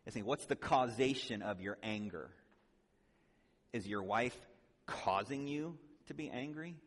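A man's voice: medium pitch, lively intonation, unhurried, fairly bright tone. A man giving an earnest, conversational sermon-style teaching on counseling, now and then acting out the voices of the people he quotes. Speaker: speaker at a church conference. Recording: long hall reverb.

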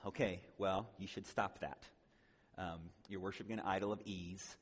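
An earnest man teaches in a conversational sermon style, now and then acting out the voices of the people he quotes. His voice sits fairly low, and it rings with a long reverb as if he were in a large hall. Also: brisk, breathy edge. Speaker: speaker at a church conference.

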